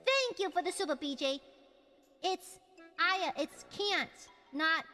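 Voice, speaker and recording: A woman with a very high, bright voice hosts a casual livestream and reacts to chat with dramatic mock outrage and teasing insults. Her pitch swoops widely, even though she talks at an unhurried pace. She sits at a desk mic, with a long reverb on her voice and music playing behind her. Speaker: streamer host reading chat.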